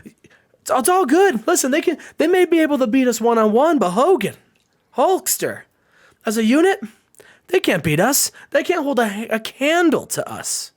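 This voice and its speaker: A man's voice: a little high, big pitch swings, very slow, pauses often, darkish tone, full character voice. A man doing a fired-up loyal wrestler. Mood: rallying. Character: loyal male wrestler, fired-up tag partner.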